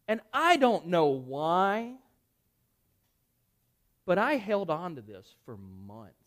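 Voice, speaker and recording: A pastor speaking from the pulpit in a fairly high voice that swings widely in pitch, rising and dropping as he acts out his story. His delivery is conversational and animated, peppered with self-deprecating asides and quick impressions of the people in it. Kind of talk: sermon storytelling.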